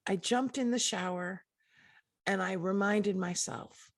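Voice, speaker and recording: Woman podcast host, gravelly voice, dry close sound, earnest, encouraging. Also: mid-range voice, measured pace, no echo. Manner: earnest, encouraging, speaks straight to the listener. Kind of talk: motivational podcast monologue.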